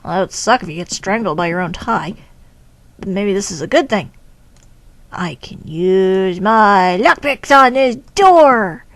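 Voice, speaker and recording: A woman's voice: mid-range voice, lively intonation, measured pace. A woman casually commenting on a game as she plays it, chatty and wry. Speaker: game streamer.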